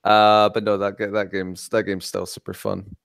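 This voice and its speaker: A man co-hosting a casual podcast over a headset, animated and acting out quotes with big jumps in pitch. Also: normal speed, creaky, no room sound. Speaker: podcast co-host. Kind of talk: casual chat.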